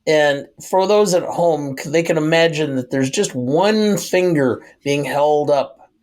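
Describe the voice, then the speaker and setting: A man co-hosting a movie podcast, sharing film trivia in a measured way with dry jokes. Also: on the high side, a little mellow. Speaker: podcast co-host. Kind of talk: casual movie podcast chat.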